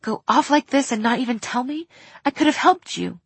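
A woman's voice: fairly high pitch, expressive, normal speed, creaky, breathy edge, dry recording, voice pushed up, full character voice. A woman voicing an anxious male warlock in an audiobook reading, muttering urgently.

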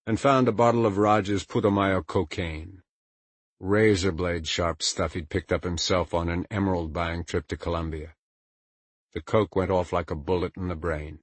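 A man narrating fiction in a very low, husky voice. His delivery is measured and dramatic, and the recording is close and dry. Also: no echo. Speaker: audiobook narrator. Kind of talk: scripted narration.

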